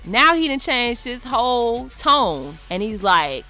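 A woman telling a personal story in a casual, slangy, emphatic way, acting out the quoted lines with lively expression. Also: fairly high pitch, measured pace, few pauses, faint music behind.

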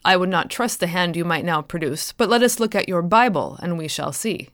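A man's voice: high voice, fairly quick, fairly bright tone, no room sound, studio quality. A woman voicing a stern military officer who asks curt, probing questions. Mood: suspicious.

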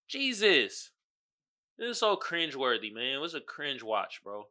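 A man's voice: medium pitch, big pitch swings, measured pace, sharp tone. A man hosting his own podcast, talking casually and animatedly, with frequent exclamations and laughter. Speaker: podcast host. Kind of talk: casual solo commentary.

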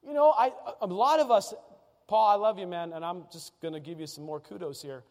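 A male pastor delivers a sermon with a fairly high voice, chatty and emphatic as he stacks up repeated phrases. His words ring out with a long reverb tail from a large hall. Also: brisk, a little mellow.

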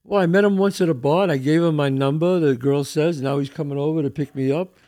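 A man's voice: fairly high pitch, quick pace. An older man hosting a podcast, chatting casually and telling stories in a streetwise, old-school way, often repeating his words. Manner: animated storyteller, repeats words, street-wise. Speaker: podcast host. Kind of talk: casual chat.

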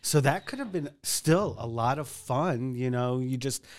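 A man hosting a podcast, asking relaxed follow-up questions in a casual interview. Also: medium pitch, a little slow. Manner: relaxed, short prompting questions. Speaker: podcast host.

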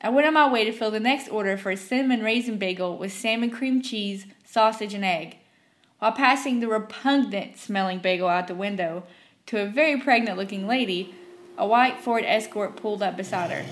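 A woman telling a story from her fast-food job in an animated way, acting out the characters. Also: mid-range voice. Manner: animated, acts out every character. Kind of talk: storytelling narration.

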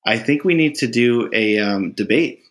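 A man's voice: medium pitch, expressive, normal speed. A man co-hosting a podcast in casual chat, joking, laughing often and swearing casually. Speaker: podcast co-host.

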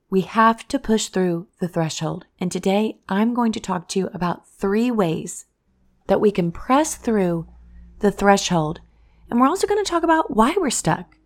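A woman hosts her own podcast in a relaxed monologue. Her voice sits in an ordinary middle range, and she speaks earnestly, encouraging the listener directly. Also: mid-range voice. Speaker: podcast host.

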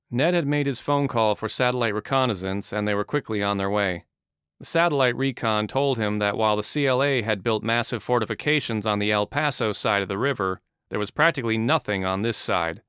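A man narrating an audiobook in a steady, even reading style. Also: medium pitch, smooth, no echo, studio quality.

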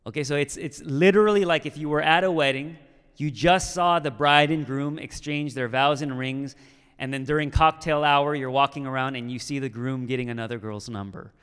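A man's voice: mid-range voice, steady tone, moderate pace, fairly bright tone, clear, resonant tone. A man preaching a sermon in a conversational way, checking in with the listeners often. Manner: conversational, with frequent "okay?" and "right?" check-ins. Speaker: pastor. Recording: long hall reverb.

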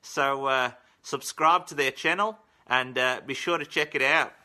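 A man's voice: medium pitch, measured pace, bright, forceful tone, pitched above the performer's own voice. A British man putting on an Australian accent for a chirpy promotional greeting, played back from a phone video. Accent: put-on Australian.

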